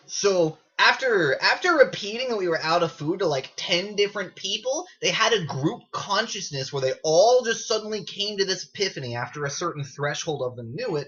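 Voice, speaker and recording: A man's voice: high-pitched, animated, moderate pace, few pauses, sharp tone, muffled recording. A man telling an unscripted story in a casual, sarcastic way, swearing freely, recorded on a built-in camera mic. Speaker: gaming video creator.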